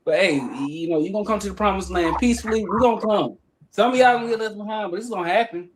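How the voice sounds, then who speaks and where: Fired-up Atlanta man with a high voice. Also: fast, background noise. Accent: Atlanta Southern. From Atlanta, Georgia. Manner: emphatic, profane, repeats himself. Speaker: livestream guest. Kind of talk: heated livestream rant.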